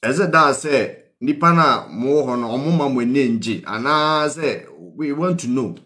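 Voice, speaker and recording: A host with a Ghanaian accent runs a call-in talk show, his medium-pitched voice animated, bright, and forceful at a measured pace. Mixing Twi and English, he gives earnest, pleading advice and keeps prodding viewers with "What you say?".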